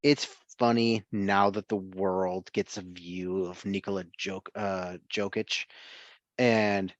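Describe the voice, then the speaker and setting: A man's voice: low voice, level tone, slow, no room sound, muffled recording. A man co-hosting a sports podcast in casual chat, chuckling often and rambling through restarts.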